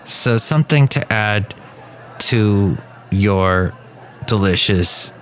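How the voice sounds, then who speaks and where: A man's voice: lowish voice, takes it slowly, heavy background noise. A man hosting a podcast, chatting casually through the news and wandering off on tangents. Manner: rambling, tangent-prone, self-correcting. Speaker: podcast host.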